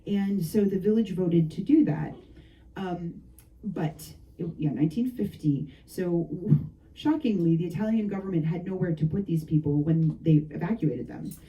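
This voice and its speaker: A woman novelist telling anecdotes about her book at a bookshop event, lively and laughing often between asides. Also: on the low side, normal speed, recorded from a distance, rough recording. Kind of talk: storytelling talk at a book event.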